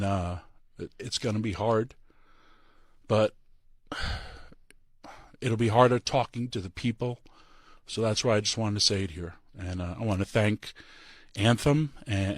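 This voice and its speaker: A tearful man giving an emotional farewell speech as a departing pro wrestler, halting and full of pauses. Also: fairly low pitch, dry recording, clean studio sound.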